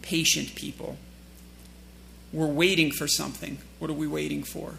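A man's voice: fairly high pitch, flat delivery, fairly quick, gravelly, fairly bright tone, a little hiss or hum. A man preaching a sermon in a church. He reads scripture aloud, asks the congregation questions and makes joking asides.

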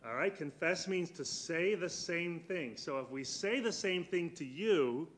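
In a slightly high, fairly bright voice, a man teaches a church Bible class earnestly, repeatedly posing questions to his students and slowing down to stress key words.

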